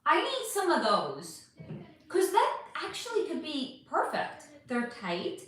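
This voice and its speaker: A woman's voice: high voice, huge pitch swings, slow pace, a bit bright. A young woman hosting a casual livestream, reading out chat and answering with laughs and casual swearing. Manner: chatty, laughing, swearing freely. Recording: very echoey room.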